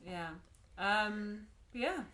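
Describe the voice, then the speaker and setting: Woman co-host, medium voice, giggly, loose and chatty, trails off softly; podcast banter. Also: medium pitch, expressive, drawn-out words. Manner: chatty, giggly, many fillers and soft trailing asides. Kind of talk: casual chat.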